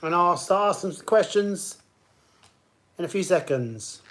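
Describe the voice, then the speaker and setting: Casual male quiz host, upbeat and higher-pitched, chats with players between questions. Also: animated, unhurried, a bit bright. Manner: chatty, greets players by name between questions. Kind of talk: live-streamed pub quiz hosting.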